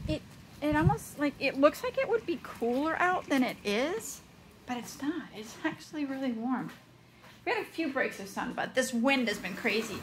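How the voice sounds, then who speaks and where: A woman's voice: high voice, expressive, moderate pace, slight background noise. Chatty, scattered woman vlogging outdoors. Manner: chatty, scattered, flits between topics. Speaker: vlogger, homeschooling mom. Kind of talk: casual vlog. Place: outdoors on a windy day.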